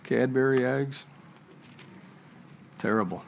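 A man's voice: mid-range voice, slow, vocal fry, a little hiss or hum. A pastor preaching a sermon to his church, quoting scripture and repeating key words for emphasis, with joking asides to the congregation.

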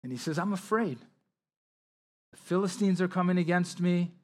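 A man's voice: sits high, normal speed, a little mellow. A man preaching a sermon, reading scripture aloud and explaining it with emphatic asides. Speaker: pastor.

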